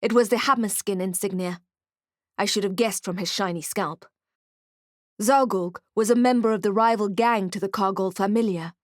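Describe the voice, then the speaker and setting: A woman reading an audiobook in first person with wry, expressive storytelling. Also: medium pitch, moderate pace, dry recording, studio quality. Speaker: audiobook narrator. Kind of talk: scripted first-person narration.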